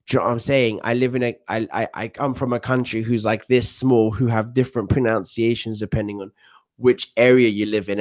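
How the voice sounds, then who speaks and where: A man in his thirties with a London accent, giving chatty, self-assured commentary on a football watchalong stream and reading chat. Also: mid-range voice. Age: 30s. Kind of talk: casual live-stream commentary.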